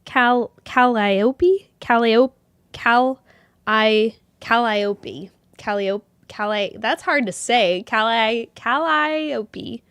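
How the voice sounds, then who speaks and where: Giggly yarn-show host lady, slightly high voice, slow rambling chat, bubbly. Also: steady tone, fairly bright tone, smooth, no echo. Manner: bubbly and giggly, often laughing at herself; rambling with many restarts. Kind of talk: casual live-stream chat.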